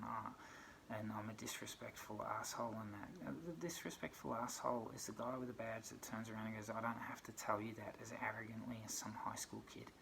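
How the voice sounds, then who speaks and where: Indignant Australian man on a gravelly rant. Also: fairly low pitch, noisy background. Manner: indignant, frustrated, many rhetorical questions. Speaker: vlogger. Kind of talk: aggrieved personal rant.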